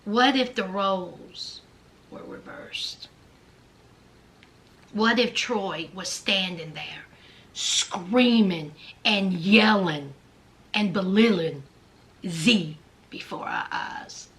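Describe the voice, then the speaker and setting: Sassy bright-voiced woman commentator. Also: medium pitch. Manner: expressive, sassy, drawn-out delivery. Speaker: reality TV commentator. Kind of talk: sassy reality TV recap commentary.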